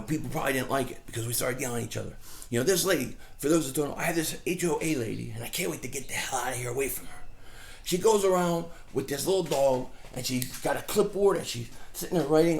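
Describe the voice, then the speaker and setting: A middle-aged man talking casually outdoors as a fan vlogger, rambling and animated as he tells stories and mocks people. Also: fairly high pitch, creaky, slight background noise. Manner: rambling, animated storytelling with mocking impressions. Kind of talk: casual outdoor vlog rant.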